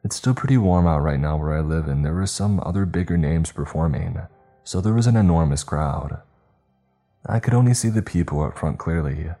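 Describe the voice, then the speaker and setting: A man with a very low, dark and mellow voice reads a first-person horror story. His tone is husky and his telling is measured and tense. Faint music plays underneath.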